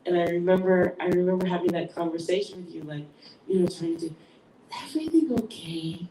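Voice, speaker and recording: A woman with a fairly low, level, mellow voice talks fast, recorded off-mic in an echoey room with faint noise. She's a podcast host chatting casually with her daughter as guest, laughing often and acting out quotes in her stories.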